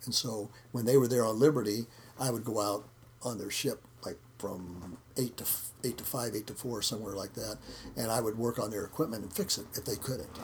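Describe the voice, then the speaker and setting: Gravelly man telling a rambling story. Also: fairly low pitch, fairly quick, slight background noise. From United States. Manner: rambling, repeats words, acts out quotes. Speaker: interview guest, martial arts instructor. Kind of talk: casual storytelling interview.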